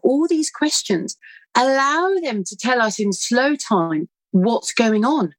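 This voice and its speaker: A middle-aged woman with a British accent, speaking as an author guest and telling animated stories from her own life. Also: a little high, no echo, rough recording. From United Kingdom. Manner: animated, quick, acts out voices in anecdotes. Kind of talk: conversational storytelling.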